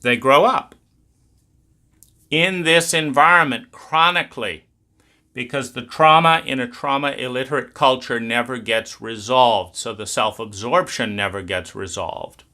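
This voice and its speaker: A man's voice: medium pitch, a little slow, sharp tone. A man explaining trauma in a blunt, emphatic talk, swearing freely. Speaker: trauma educator.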